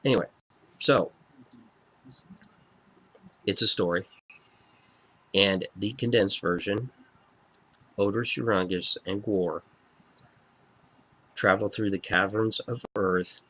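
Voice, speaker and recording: Excitable, foul-mouthed male album reviewer. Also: lowish voice, slow pace, pauses often. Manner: excitable, profane and fan-gushing. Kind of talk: casual video review.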